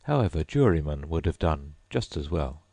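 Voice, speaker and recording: A man reading a classic storybook aloud as an audiobook narrator, in an expressive storytelling manner. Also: a bass voice, normal speed, vocal fry, breathy edge, no echo. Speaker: audiobook reader. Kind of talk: scripted narration.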